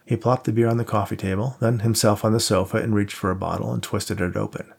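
A man narrating an audiobook in a steady storytelling manner. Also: lowish voice, quick pace, creaky, breathy edge. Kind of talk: scripted narration.

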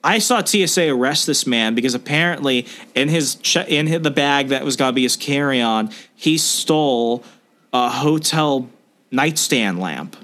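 A young man telling a story in a casual podcast chat, animated and quick to act out the people he quotes. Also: medium pitch. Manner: animated, acts out quoted people in put-on voices. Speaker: podcast co-host.

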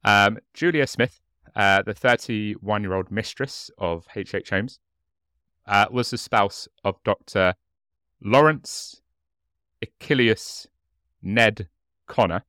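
A man with a fairly low but bright voice hosts a casual true-crime podcast. He talks in a relaxed, hesitant way, full of ums and quick laughs. The recording is close and dry. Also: no echo. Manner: relaxed, hesitant with many fillers, laughs often. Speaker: podcast co-host.

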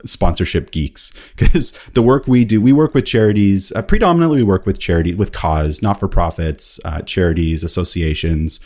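A man's voice: low voice, normal speed, hardly any pauses, darkish tone. A man speaking as a consultant and guest on an interview podcast, explaining his work in an easygoing, self-deprecating way. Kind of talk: casual interview chat.

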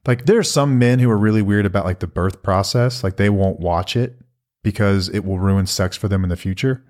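A man's voice: lowish voice, fairly quick, darkish tone. Earnest middle-aged male podcast co-host. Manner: earnest, reflective, reads listener questions aloud. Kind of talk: casual podcast conversation.

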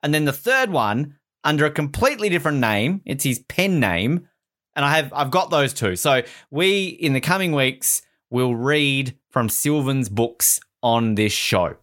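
Animated casual podcast host. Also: male voice, mid-range voice. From Canada. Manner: animated storytelling, does quick voices for others.

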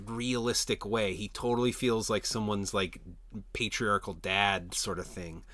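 A man's voice: lowish voice, fairly even intonation, unhurried, a bit bright. A young man co-hosting a podcast in a comic store, chatting casually and acting out what characters say. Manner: chatty, heavy use of "like", acts out quotes. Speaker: podcast co-host. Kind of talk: casual chat.

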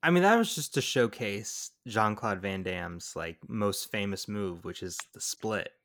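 A man co-hosting a podcast, talking through a movie in a rambling, excitable way. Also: lowish voice, measured pace. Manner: rambling, excitable, lots of fillers. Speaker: podcast co-host. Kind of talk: casual movie review chat.

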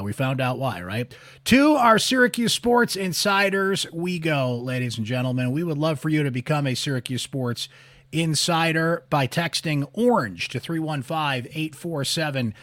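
A man hosts a casual postgame sports show in an upbeat, chatty way, talking straight to his listeners. His voice sits at an average pitch. The sound is dry and close. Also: a bit bright, no echo. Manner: upbeat, reads listener texts, addresses audience directly. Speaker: sports podcast host.

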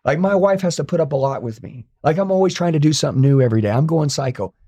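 A man's voice: on the high side, animated, quick pace, warm tone, breathy edge, highs cut off. A man speaking as an interview guest, sharing his story intensely, bluntly, and with plenty of swearing. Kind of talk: motivational interview talk.

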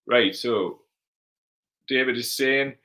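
A man with a Geordie accent and a mid-range, sharp-toned voice hosts a casual livestream Q&A, speaking slowly on a low-quality recording. He is chatty and blunt, swearing freely while reading out viewer comments.

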